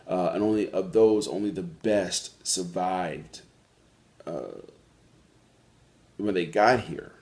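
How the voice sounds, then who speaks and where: Deep-voiced man, earnest talk show host. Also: a little mellow. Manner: earnest, reflective storytelling with frequent pauses and restarts. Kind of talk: solo monologue on a talk show.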